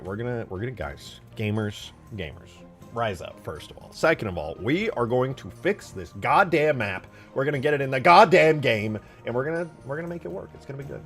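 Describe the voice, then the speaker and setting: A young man streams and banters with his chat in a lively voice that jumps up and down in pitch. He jokes, swears freely and rambles in an easy, casual way. Soft music plays faintly behind him. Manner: animated, swears often, jokey banter with chat. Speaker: streamer modding a video game.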